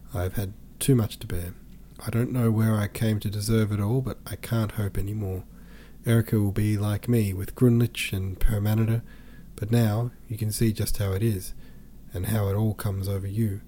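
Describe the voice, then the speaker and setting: A man voicing a distraught middle-aged woman pleading tearfully with her brother, in a low, mellow reading voice. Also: little pitch movement, normal speed, few pauses, slight background noise, close to an everyday voice. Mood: despairing. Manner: pleading, tearful, breathless run-on speech.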